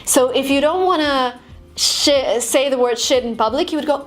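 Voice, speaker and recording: A woman's voice: high-pitched, moderate pace. Chatty woman teaching casual English. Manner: chatty, acts out exaggerated reactions. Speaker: language vlogger teaching English phrases. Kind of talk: casual video lesson. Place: lives in San Francisco.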